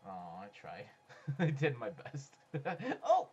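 Excitable man giving game commentary. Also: medium pitch, takes it slowly, muffled recording. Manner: excitable, swings from mutters to yells; swears and talks to other players. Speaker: gaming YouTuber. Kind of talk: let's play commentary. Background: faint background music.

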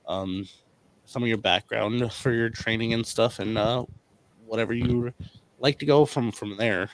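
A man's voice: fairly low pitch, rough recording. A man hosting a casual podcast who rambles and stumbles, with many fillers. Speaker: podcast host.

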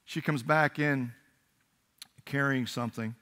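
A man pastor delivering a sermon, telling a story earnestly with halting restarts. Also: mid-range voice, steady tone, pushed and bright. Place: church sanctuary.

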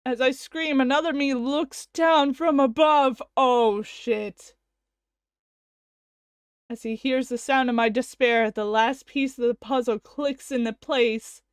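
A woman's voice: sits high, steady tone, takes it slowly, clear, resonant tone, dry recording. A woman voicing a guilt-stricken young male scientist, narrating with anguish as she reads a visual novel aloud. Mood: shattered. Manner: anguished first-person narration.

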